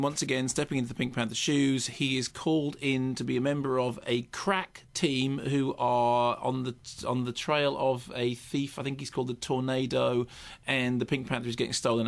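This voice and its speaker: A man's voice: medium pitch, vocal fry. A middle-aged British man reviewing a film on the radio, opinionated and digressive, often restarting his sentences. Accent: British English. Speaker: film critic.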